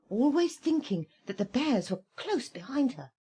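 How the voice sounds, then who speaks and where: A woman reading a fairy tale aloud in an expressive storybook style, with dramatic slowdowns. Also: medium pitch, breathy edge.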